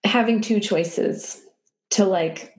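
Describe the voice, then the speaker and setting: A woman's voice: mid-range voice, takes it slowly, darkish tone. A woman in her thirties, a podcast guest speaking casually with lots of filler words and frequent laughter, recorded in a room at her home. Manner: rambling, filler-heavy, laughs often. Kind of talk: casual conversation. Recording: roomy echo.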